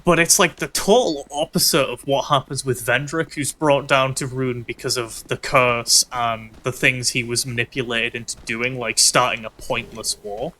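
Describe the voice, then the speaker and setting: A man's voice: medium pitch, steady tone, normal speed, few pauses, bright, forceful tone. A man streaming a game, musing with lots of fillers and ranting theatrically with heavy swearing at enemies. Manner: musing, filler-heavy storytelling between bursts of frustration. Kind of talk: casual gameplay commentary.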